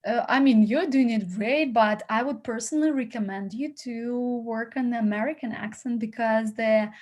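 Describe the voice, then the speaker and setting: A woman casting coach gives actors encouraging feedback in a fairly high voice. She rambles, stops and restarts often, and fills the gaps with "uh" and "um". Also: moderate pace, darkish tone. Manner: encouraging, rambling, many fillers. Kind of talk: critique and advice to actors.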